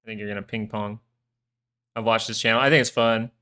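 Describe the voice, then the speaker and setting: A man's voice: lowish voice, fairly even intonation, brisk, bright, forceful tone, smooth. A man hosting a live stock market stream, talking casually in a rambling, chatty way. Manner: rambling, chatty, full of fillers and asides.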